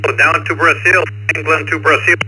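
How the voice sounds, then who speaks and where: A man runs an amateur radio check-in, tossing out fun questions in a friendly, chatty way. His tone is very bright and sharp, and he fills gaps with easy "uh"s. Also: fairly high pitch, level tone, a little fast, a little hiss or hum, poor audio. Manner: friendly, jokey, chatty with fillers. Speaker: net control host. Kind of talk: amateur radio net chat.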